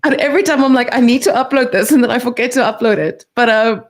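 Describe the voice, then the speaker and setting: A woman chatting casually on a stream, talking quickly with many fillers. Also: on the high side. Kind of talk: casual chat.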